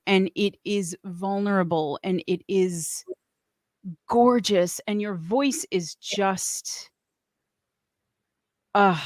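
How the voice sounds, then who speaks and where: A woman's voice: medium pitch, takes it slowly, pauses often, no echo, studio quality. A middle-aged woman hosting a casual livestream, gushing emotionally and reading chat messages aloud. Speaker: host.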